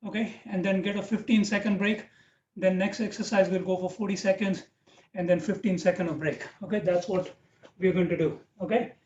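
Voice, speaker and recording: A man with a high voice leads a live fitness class, counting out reps and urging people to keep going. The sound is distant and echoey, dull and muffled, with a faint hiss behind it. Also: a little mellow. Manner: encouraging, counts out reps, frequent "okay" and "right". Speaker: fitness instructor. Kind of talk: live online workout class. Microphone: video call. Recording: dull, roomy, distant video-call audio with faint hiss.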